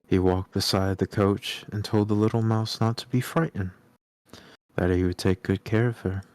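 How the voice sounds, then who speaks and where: A man calmly reading a storybook aloud on a live stream. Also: fairly low pitch, moderate pace, no echo.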